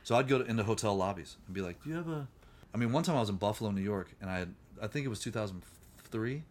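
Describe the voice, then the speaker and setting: A middle-aged man, a musician guest on a podcast, telling his recovery story candidly and acting out the voices of people he met. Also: fairly low pitch. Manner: rapid, animated, acts out quoted voices.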